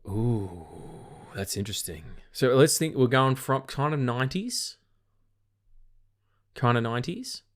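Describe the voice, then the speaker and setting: A man's voice: mid-range voice, big pitch swings, measured pace, long pauses. A tired man with an Australian accent, co-hosting a casual film podcast, rambling and swearing offhandedly. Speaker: podcast co-host.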